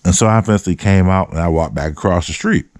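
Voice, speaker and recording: A man's voice: sits low, fast, darkish tone, no echo, studio quality. A man hosts his show, telling a story in a loose, profane, slang-heavy way. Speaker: host. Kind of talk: storytelling monologue.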